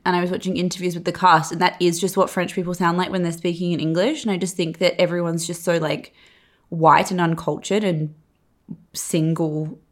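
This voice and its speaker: A young woman co-hosting a podcast in casual chat, emphatic and teasing, swearing freely. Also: fairly low pitch. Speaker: podcast co-host.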